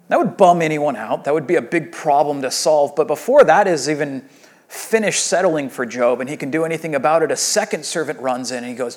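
A man's voice: on the high side, brisk. A man preaching a sermon as pastor, speaking in a casual, conversational way and acting out the lines of the story he retells. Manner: conversational, animated retelling with voiced quotes.

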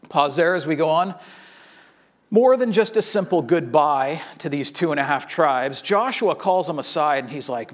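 A man delivering a sermon with a voice pitched a little above the usual for men. He reads scripture slowly and then retells it in lively, casual paraphrase, acting out what the people said. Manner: animated, acts out biblical speakers in casual voice. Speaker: pastor.

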